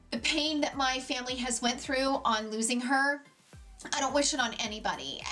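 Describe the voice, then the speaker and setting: A woman's voice: a little high, fairly bright tone. A middle-aged woman vlogger answering viewer questions in a casual, earnest and heartfelt way. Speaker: beauty vlogger.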